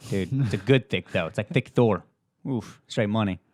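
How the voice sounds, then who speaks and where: Joking man with a low voice. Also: normal speed, a little mellow, dry recording, clean studio sound. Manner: enthusiastic, joking, swears casually. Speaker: podcast co-host. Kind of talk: casual podcast chat.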